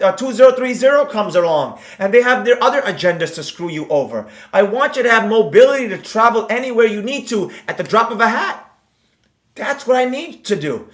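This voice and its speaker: A man's voice: extremely high pitch, a bit bright, echoey room. A man who teaches trading, talking straight to his viewers in a preachy, impassioned rant that urges them to act. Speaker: trading educator.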